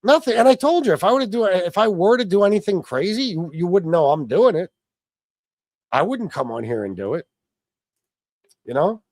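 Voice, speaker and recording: A man's voice: sits high, big pitch swings, normal speed, long pauses, a little mellow, no echo, studio quality. Angry profane man ranting on a livestream. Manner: combative, profane, repeats himself. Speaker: livestream host.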